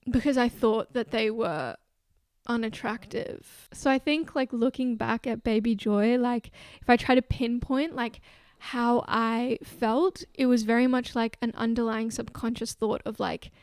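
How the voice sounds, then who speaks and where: Rambling young woman with a gravelly voice. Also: a little high, steady tone, normal speed, dry recording, clean studio sound. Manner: rambling, fills with "like" constantly; earnest, emotionally open. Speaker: vlogger. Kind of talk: casual confessional talk to camera.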